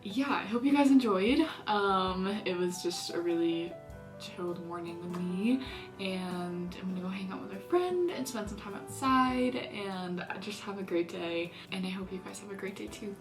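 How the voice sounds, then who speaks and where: A woman's voice: mid-range voice, normal speed, faint music behind. A young woman chatting casually to camera as she gets ready, giggly and rambling with lots of filler words. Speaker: vlogger. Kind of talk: casual get-ready-with-me chat.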